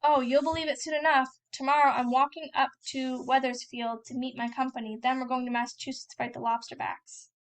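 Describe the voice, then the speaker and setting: A woman's voice: high voice, little pitch movement, fairly quick, hardly any pauses, clean tone, close to an everyday voice. Woman reading as a cocky young soldier brother.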